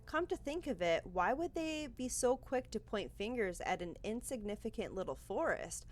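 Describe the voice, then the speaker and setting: A woman's voice: on the high side, very animated, normal speed, soft background music. A woman playing through a visual novel, reading the narration aloud and reacting anxiously, swearing casually. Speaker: game streamer.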